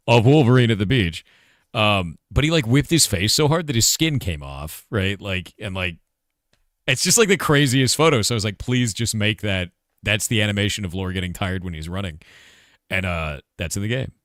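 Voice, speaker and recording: A very deep-voiced middle-aged man chats casually on a live stream, laid-back and laughing often. He reads viewers' questions aloud and answers them, calling everyone "dude." The sound is close and dry, with no room around it. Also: lively intonation, moderate pace, a bit bright, no room sound. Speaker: streamer and game developer.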